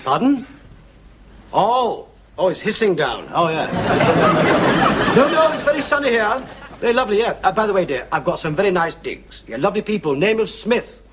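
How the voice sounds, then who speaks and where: A man's voice: high voice, very animated, normal speed, noisy background. An actor playing a mouthy, needling immigrant man, chatty and laughing at his own jokes in a 1970s studio sitcom. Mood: cheeky. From England. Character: cheeky, mouthy English immigrant man, quick to insult. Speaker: sitcom character, English newcomer.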